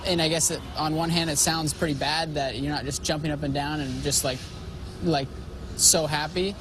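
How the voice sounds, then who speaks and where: A man answering interview questions in a halting, thoughtful way, recorded outdoors. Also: a little high, fairly even intonation. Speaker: interviewed racer. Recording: outdoor clip with vehicle noise.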